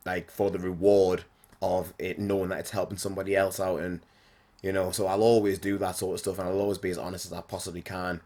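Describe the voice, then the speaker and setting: A man, talking casually and bluntly as a podcast host, swearing often and filling pauses with "like". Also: sits low, a little mellow. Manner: blunt and sweary, frequent fillers. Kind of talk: casual monologue.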